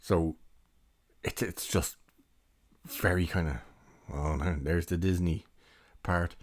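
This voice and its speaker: A young man with a low, deep voice talks through a film review in a loose, rambling way and chuckles as he goes. His voice is recorded close and dry, with no room sound around it. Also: fairly even intonation, slow pace, no room sound. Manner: rambling, chatty, laughs while recounting. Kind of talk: casual spoken film review.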